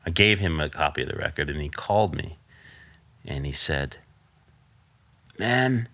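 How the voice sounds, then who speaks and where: A middle-aged man, a podcast guest, telling a personal story in candid conversation and quoting others with lively put-on voices. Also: very deep voice, fairly quick, no echo. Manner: storytelling, quotes his father in animated voice.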